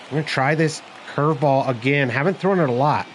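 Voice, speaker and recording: A young man giving live, excitable commentary over his baseball video game, groaning and cheering at each pitch. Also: brisk, a little hiss or hum. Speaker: gaming channel host.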